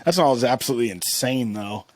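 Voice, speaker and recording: A man's voice: medium pitch, fast, no echo, studio quality. A young adult man, co-hosting a casual podcast, recounting stories and acting out other people's lines. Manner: animated, acts out quotes, profane. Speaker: podcast co-host. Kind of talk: casual chat.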